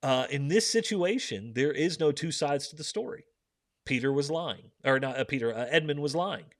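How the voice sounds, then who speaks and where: A man's voice: on the high side, animated, normal speed, no room sound. Earnest man leading a book discussion. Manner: earnest, poses questions to listeners. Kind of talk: live book discussion with scripture readings.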